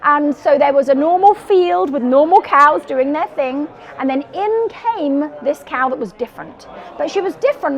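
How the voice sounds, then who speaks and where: A middle-aged woman from the UK, a guest entrepreneur, telling a story in an interview and acting out the quotes with lively energy. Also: sits high, muffled recording.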